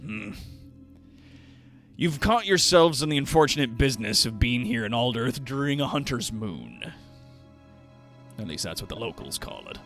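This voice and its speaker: Gruff, curt old monster hunter voiced by a man, bright hard edge, game-night character voice. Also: mid-range voice, very animated, moderate pace, pauses often, faint music behind.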